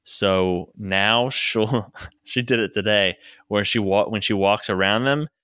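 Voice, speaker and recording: A man's voice: on the low side, slow pace, bright, forceful tone, clear, resonant tone, no echo, clean studio sound. A young man on a casual livestream chat, a parent telling rambling stories about home and laughing as he goes. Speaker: co-host, parent.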